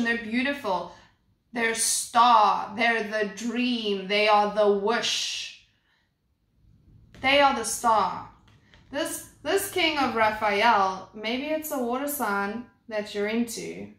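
A young woman giving a slow, unhurried oracle card reading, her voice bright and lifted a little high. She rambles, circles back and restarts often. The sound is echoey, as if recorded in a bare room. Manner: rambling, with many fillers and restarts. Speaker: tarot and oracle card reader. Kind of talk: casual spoken card reading.

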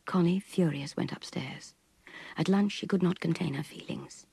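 Husky older woman, hushed novel reading. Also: fairly low pitch, moderate pace, no room sound. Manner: intimate, breathy half-whisper narration. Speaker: narrator. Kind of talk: audiobook reading of a classic novel.

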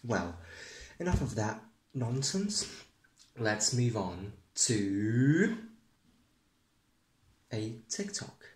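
A man doing a comedic mock newscast as the presenter, rambling and deadpan. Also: mid-range voice, very slow, pauses often. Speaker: parody news presenter. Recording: echoey room.

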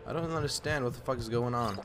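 A young man giving live gameplay commentary, swearing constantly and jumping from low muttering to loud outbursts at enemies. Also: fast. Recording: loud game music behind the voice. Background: loud game music.

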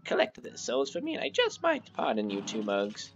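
A gloating devil with a booming voice, as a man reads him aloud from a storybook. He stretches out his threats slowly. The sound is a little muffled. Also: wildly swooping pitch, soft background music. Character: menacing booming male devil, casino owner.

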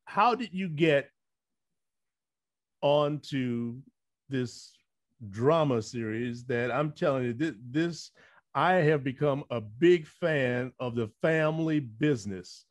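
A man's voice: medium pitch, slow, dry recording. Eager stammering male host, dry sound. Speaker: talk show host. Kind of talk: casual interview. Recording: dry, close room sound.

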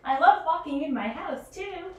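A gleeful pet dog yips happily in a high, loud, bouncing voice, as a woman puts it on. The sound is distant and echoey, as if caught from across a bare room. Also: lively intonation, moderate pace. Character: happy excited pet dog.

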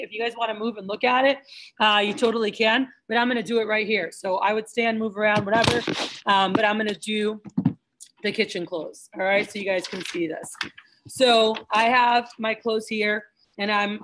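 Young woman running sales training, talks quick, acts out customers, light hiss in the room. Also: a little high, a bit bright, poor audio. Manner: chatty, fast, acts out customer dialogue. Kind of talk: sales training talk to a group.

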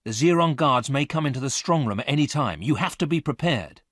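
A man's voice: mid-range voice, lively intonation, fairly quick, fairly bright tone, dry recording, studio quality, voice pushed up. A man reading aloud, voicing an earnest male safecracker who explains a heist plan step by step. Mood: instructive.

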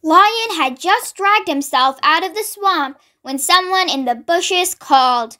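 A young woman hosting a children's read-along, reading slowly, carefully and expressively. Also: extremely high pitch, animated, sharp tone. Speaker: storybook read-along host. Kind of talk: children's read-aloud narration.

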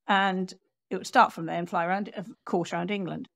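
A woman author, a guest on an interview podcast, telling a history story in a lively storyteller's way and acting out what people said. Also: lowish voice, fairly quick, gravelly. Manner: animated storyteller, acts out quotes.

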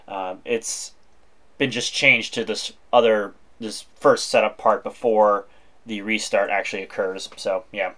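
A man narrating a screen-recorded software walkthrough in a chatty, informal way with wry asides. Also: lowish voice, steady tone, a little slow. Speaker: tech video host.

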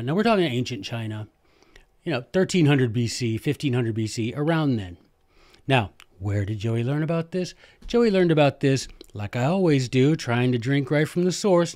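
A man, hosting a podcast and telling history stories in a lively, joking, self-deprecating way. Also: mid-range voice, moderate pace, dry recording, studio quality. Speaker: podcast host, former history teacher. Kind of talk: casual history storytelling monologue.

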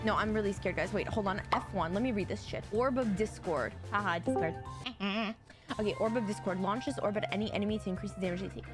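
A woman streaming a game, chatting excitably with teammates and viewers, swearing often and breaking into sudden shrieks. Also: medium pitch, fast. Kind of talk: live game stream commentary. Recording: game music behind the voice. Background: game music and sound effects.

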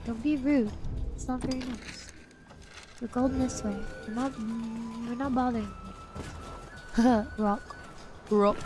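High-pitched young woman streaming a game, chatty and unhurried, loud game music under her. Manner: chatty and expressive, squeals when scared. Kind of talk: gaming livestream commentary.

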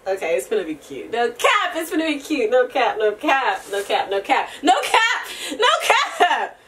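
A young woman talking to her camera in a loose, rambling vlog, full of slang and swearing and quick laughs. Her voice sits a little high and swings up and down freely as she talks. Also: very animated, far from the mic, a little hiss or hum. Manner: chatty and rambling, slangy and profane, laughs often; breaks into soft singing. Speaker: vlogger. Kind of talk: casual chat to camera.

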